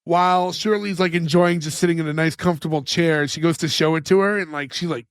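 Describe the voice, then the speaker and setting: A man's voice: on the high side, fairly even intonation, quick pace, clear, resonant tone, no echo. A man, co-hosting a podcast in rambling casual chat, full of fillers and put-on quotes. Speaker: podcast co-host.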